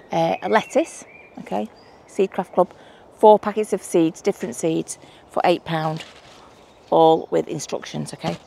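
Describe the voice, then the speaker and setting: A woman with a Northern English accent talks to camera in a lowish voice while she works outdoors on her allotment. She is chatty and self-deprecating and thinks aloud as she goes. Faint wind and outdoor noise sit behind her. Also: vocal fry. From England. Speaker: allotment vlogger. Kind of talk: casual chat to camera while working. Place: windy outdoor allotment garden.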